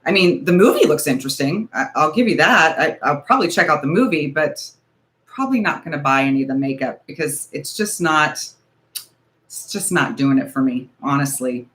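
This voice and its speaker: A woman's voice: low voice, animated, fairly quick, a bit bright. A woman in her forties hosting a casual beauty livestream, talking in a nervous, rambling, hedging way. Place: home, ring light.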